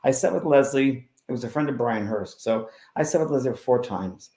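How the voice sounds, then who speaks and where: A man who is a spiritual medium, telling stories in a casual interview and swinging between loud and hushed. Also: mid-range voice, moderate pace. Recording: roomy echo.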